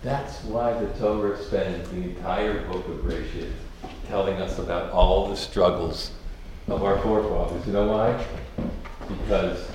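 Animated rabbi in an echoey room. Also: male voice, low voice, unhurried. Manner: animated storyteller, many repeated words and restarts. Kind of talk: sermon with storytelling. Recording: echoey room from far off, noisy.

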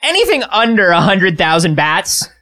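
A man's voice: high voice, very animated, normal speed, sharp tone. A man co-hosting a podcast, chatting casually with dry jokes and the odd silly put-on voice. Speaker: podcast co-host. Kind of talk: casual comedic chat.

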